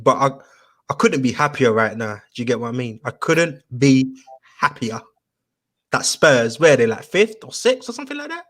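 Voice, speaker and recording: A man hosting a casual football chat, telling stories in an animated, slangy way with lots of fillers. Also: mid-range voice, normal speed.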